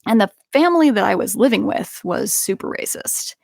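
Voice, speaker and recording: A young woman telling a personal story in casual conversation, animated, with frequent laughs and many restarts. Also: mid-range voice, fairly quick, creaky, no echo, studio quality. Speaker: podcast guest.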